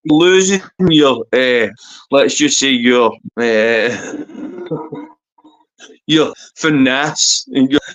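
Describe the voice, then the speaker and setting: A man's voice: mid-range voice, drawn-out words, pauses often, fairly bright tone. A man in casual livestream banter, teasing and swearing freely. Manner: profane, teasing, boisterous. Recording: dull lo-fi stream audio.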